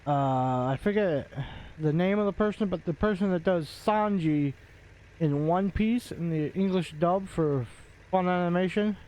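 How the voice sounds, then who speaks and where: A man talking through his game session at a leisurely, unhurried pace, drifting from thought to thought with plenty of "uh"s and restarts. His voice sits a little higher than most men's and stays relaxed and casual, close to a desk mic. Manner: rambling, many fillers and restarts. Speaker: gaming video creator. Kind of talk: casual commentary while playing a game.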